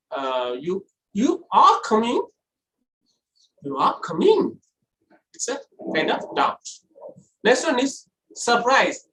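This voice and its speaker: A college lecturer giving a lecture on voice modulation, explaining step by step and demonstrating with exaggerated pitch shifts. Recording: roomy echo.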